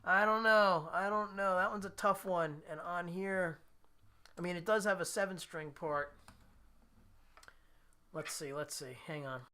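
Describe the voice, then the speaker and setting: A man's voice: high-pitched, a little slow, long pauses, pushed and bright, clean tone. A man hosting his weekly live guitar stream, chatting casually with viewers, laughing at himself and reading out their comments. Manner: chatty, self-deprecating, laughs often, reads viewer comments aloud. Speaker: livestream host and guitarist.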